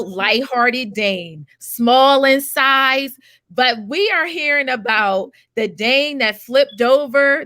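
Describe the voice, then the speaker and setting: Woman interviewer, high bright voice, unhurried, eager questions, dry close sound. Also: no echo. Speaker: host.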